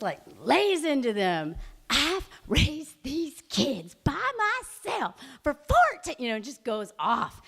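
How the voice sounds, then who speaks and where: A woman's voice: fairly high pitch, clean tone. A woman in her late thirties telling a personal story live, chatty and full of "like" fillers, laughing through it. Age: late 30s.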